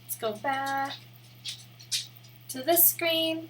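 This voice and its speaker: A woman's voice: sits high, extremely slow, a bit bright, a little hiss or hum, rough recording. A woman with a Midwestern accent, chatting casually on a livestream as she works on her screen, rambling and self-deprecating. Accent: American Midwest. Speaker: live streamer. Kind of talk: casual livestream chat while working on screen.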